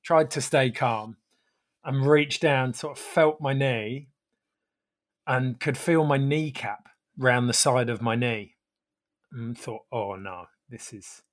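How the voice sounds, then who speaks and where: A man recounts his story in an even, matter-of-fact tone. He talks casually and calmly, and his voice sometimes sinks into low, quiet asides. His pitch sits in the middle of the usual range. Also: takes it slowly. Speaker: guest telling a story.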